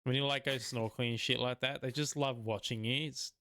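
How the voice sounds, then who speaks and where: A man's voice: mid-range voice, steady tone, brisk, sharp tone. A man, co-hosting a casual podcast chat, rambling and laughing often. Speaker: podcast co-host.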